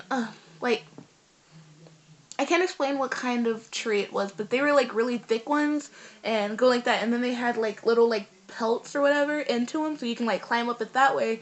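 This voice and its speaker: A teenage girl tells a story in a loose, chatty vlog. She rambles along, full of fillers and asides, and her voice sits a little high. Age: teens. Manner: animated, rambling, lots of fillers. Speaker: vlogger.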